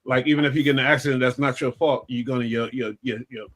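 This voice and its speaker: A man's voice: mid-range voice, steady tone, quick pace, a bit bright, slight background noise. A man on a casual reaction panel, giving blunt, slangy advice.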